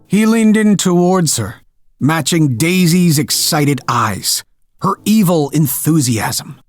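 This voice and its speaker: A man narrates a horror tale in a slow, measured, darkly dramatic tone. His voice sits close and dry, with faint music underneath. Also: fairly high pitch, lively intonation, no room sound.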